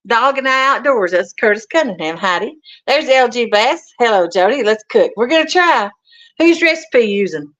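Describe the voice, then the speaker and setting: A woman's voice: a little high, expressive, normal speed, a bit bright. A woman hosting a casual livestream from a home kitchen, greeting viewers and reading out their comments in a folksy, chatty way. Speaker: livestream host. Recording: dull lo-fi stream audio.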